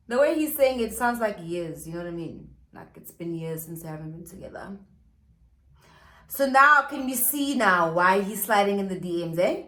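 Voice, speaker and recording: A woman's voice: mid-range voice, animated, a little slow, fairly bright tone. A woman vlogger telling a gossip story while doing her makeup at home, chatty with dramatic asides to viewers. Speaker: beauty vlogger. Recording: echoey room.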